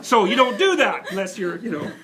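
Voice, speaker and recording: A man in his fifties giving a university lecture to students, animated, laughing often and restarting sentences as he digresses. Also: sits high, a little fast, crowd noise. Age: 50s.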